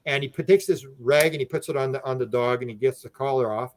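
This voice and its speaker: A man guest on a podcast, telling a story in a casual, animated way, halting and restarting often, and raising his voice to act out what others said. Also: mid-range voice. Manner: animated, acts out quoted speech with raised voice; halting, frequent restarts and repeated words. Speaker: podcast guest, UFO researcher.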